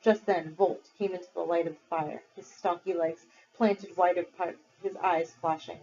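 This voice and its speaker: A woman teacher reading a novel aloud to her class, measured and expressive. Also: lowish voice, soft background music. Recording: dull lo-fi recording.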